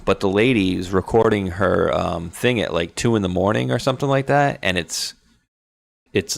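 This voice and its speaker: Casting: deep, gravelly male podcast host, loose and rambling. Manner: rambling with many fillers. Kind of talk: casual chat.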